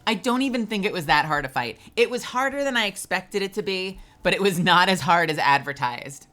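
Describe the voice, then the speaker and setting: A woman streaming a video game live, chatting in an animated way with exclamations. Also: fairly low pitch, a little fast.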